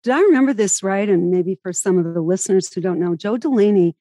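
A woman's voice: mid-range voice, fast, no echo. Chatty woman interviewer, dry sound. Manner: lively storytelling, chatty. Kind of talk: casual interview.

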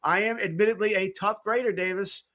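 Male sports radio co-host, slightly high voice, emphatic and opinionated. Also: steady tone, fairly quick, bright, forceful tone. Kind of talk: casual sports radio talk.

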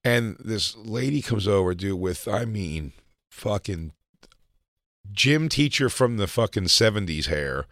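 A low-pitched man tells a rowdy, profane story on a podcast, jumping into the voices of the people in it. The sound is dry and close, with no room around it. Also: measured pace, no room sound. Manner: profane, animated storytelling, acts out quotes. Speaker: podcast co-host. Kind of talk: casual storytelling chat.

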